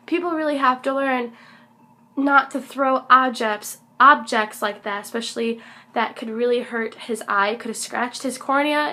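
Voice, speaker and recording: A teenage girl with a hoarse voice, rambling and gushing in a casual vlog recap, full of fillers. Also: a little high, sharp tone. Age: teens. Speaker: concert fan vlogger.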